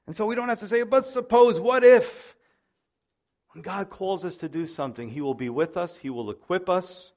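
A man's voice: fairly high pitch, quick pace, hardly any pauses. A man preaching a sermon as pastor, in a chatty storytelling way.

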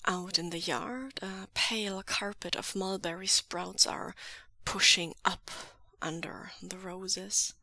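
A woman reading fan fiction aloud in a soft, measured voice that often drops to a half-whisper, close to the mic. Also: lowish voice, fairly even intonation, dry recording. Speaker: podfic reader.

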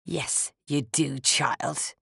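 A reader doing a resentful older woman in an audiobook, low and quiet with a simmering menace that breaks into hisses and furious shouting. Her pitch sits mid-range, and the recording is dry and close with no room sound. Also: animated, moderate pace, no room sound, lightly acted. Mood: hissing. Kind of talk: audiobook character voice.

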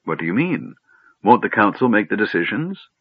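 A man's voice: fairly low pitch, very animated, breathy edge, no echo. A man doing an eager, curious little kender. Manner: quick, inquisitive, boyish. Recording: dry, tinny phone-like audio.

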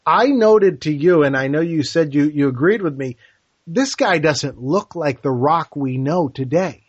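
A man's voice: a little high, lively intonation, unhurried, breathy edge, dry recording. A man co-hosting a podcast in casual film discussion, enthusiastically retelling movie scenes. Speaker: podcast co-host. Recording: dull lo-fi dry sound.

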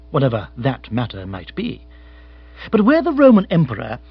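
Animated, husky male audiobook narrator. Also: a little high, dull audio. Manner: expressive, animated reading. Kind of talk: scripted narration of a comic novel.

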